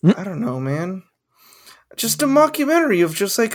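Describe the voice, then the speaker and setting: Rambling young man, higher voice. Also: very animated, normal speed. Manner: rambling, swears a lot, laughs at his own ideas. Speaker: podcast co-host. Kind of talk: casual chat.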